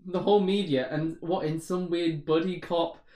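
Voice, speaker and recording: A man's voice: on the high side, steady tone, normal speed, dark tone, echoey room. A man co-hosting a casual, joking chat about a tabletop game, rambling with lots of fillers and giggles. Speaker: podcast co-host.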